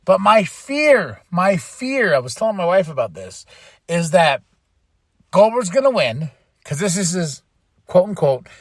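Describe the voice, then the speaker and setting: A man's voice: on the high side, a bit bright, no room sound, clean studio sound. A man hosting a podcast, recapping wrestling in casual, profane chat and mimicking wrestlers as he goes. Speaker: podcast host.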